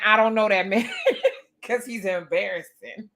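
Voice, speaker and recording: A woman vlogger giving a casual, sassy recap rant with animated delivery and laughing asides. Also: mid-range voice, measured pace.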